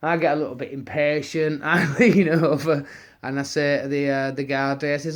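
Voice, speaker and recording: A man with an English accent, his voice sitting a touch high for a man. He rambles through a casual story, stumbling over restarts and dropping slang as he goes. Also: steady tone, normal speed. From England. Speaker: person answering audience questions.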